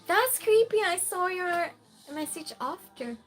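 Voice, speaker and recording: A woman's voice: extremely high pitch, a little slow, faint music behind. A woman with a Swedish accent, casually chatting with her stream and reading viewer comments aloud. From Sweden. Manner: relaxed, reads chat aloud, soft giggles.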